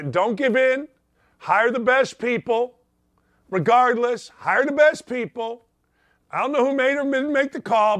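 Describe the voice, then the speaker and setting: Older man, sports talk host, ranting monologue, high voice, dry studio sound. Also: a bit bright, no room sound. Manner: ranting, emphatic, repetitive.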